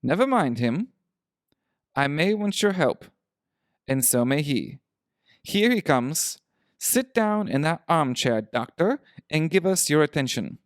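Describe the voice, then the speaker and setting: A man reading a story aloud, voicing a shrewd, dry-witted male detective in a crisp, brisk manner. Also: fairly high pitch, big pitch swings, no echo, pitched above the performer's own voice.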